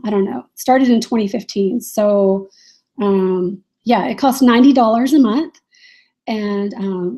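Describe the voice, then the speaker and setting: A woman's voice: a little high, dark tone. A woman hosting a casual live stream as a reseller, answering viewers' chat questions in a chatty, rambling way with frequent laughs and fillers.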